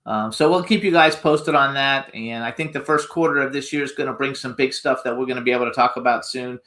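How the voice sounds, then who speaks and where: A male radio host with a bright, forceful tone and a middling pitch. He rambles cheerfully through show announcements, using lots of "um" and "uh.". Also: steady tone, fast talker. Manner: upbeat, rambling with many fillers. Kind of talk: casual radio show hosting.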